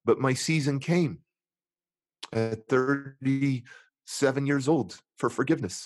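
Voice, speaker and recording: A middle-aged man, a guest in a conversation, candidly telling a painful personal story in an earnest, emotional way, dropping low and quiet at the hardest moments and acting out his inner dialogue. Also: slow pace, no room sound. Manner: acts out inner dialogue in different tones.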